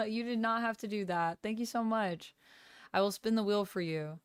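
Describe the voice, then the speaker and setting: A woman's voice: medium pitch, normal speed, smooth, no echo, clean studio sound. A woman streamer in casual live-stream chat, upbeat and playful, thanking viewers and reading chat aloud while moving around doing exercises. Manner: upbeat and playful, laughs often.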